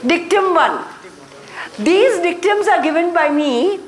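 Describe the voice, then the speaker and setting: A woman's voice: extremely high pitch, expressive, takes it slowly, slight background noise. A woman leading a motivation training class, speaking in short repeated phrases and checking in with her listeners. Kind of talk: classroom lecture. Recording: echoey room.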